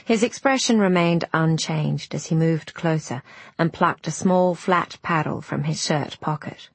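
A woman narrating an audiobook in a slow, measured storytelling manner. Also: deep voice, gravelly, husky, dry recording.

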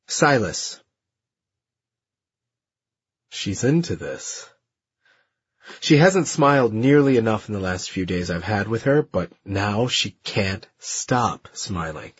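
A man reading a novel in the first person, soft and reflective. His voice is breathy and husky. The recording is muffled and dry. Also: on the low side, no echo. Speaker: audiobook narrator. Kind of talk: first-person audiobook narration. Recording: dull dry studio recording.

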